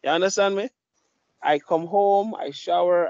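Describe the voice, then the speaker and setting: A man's voice: sits high, unhurried, a little mellow, no echo. A man hosting a podcast, telling blunt, profane stories in casual chat. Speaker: podcast host. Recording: dull lo-fi mic.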